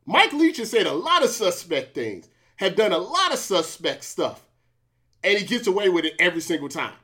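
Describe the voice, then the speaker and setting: Male talk-show host, high-pitched and emphatic, arguing his case in heated commentary. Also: normal speed. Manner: animated, emphatic, repeats points, addresses co-host by name. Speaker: podcast host.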